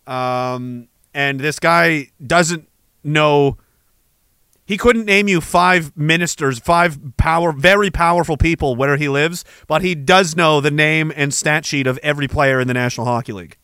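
Sarcastic ranting man, bright sharp voice. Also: fairly high pitch, measured pace, clean tone, no room sound, clean studio sound. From Canada. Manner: rambling, sarcastic, profane, laughs between thoughts. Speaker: vlogger. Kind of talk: comedic rant.

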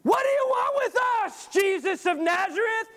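A man voicing a frantic evil spirit that is possessing a man, crying out loud and accusing. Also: very high voice, lively intonation, moderate pace, voice pushed up, exaggerated voice. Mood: frantic shouting.

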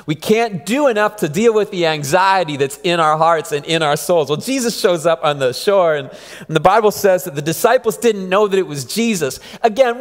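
A man in his thirties, a pastor, preaching a conversational sermon with repeated phrases. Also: sits high. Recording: long hall reverb.

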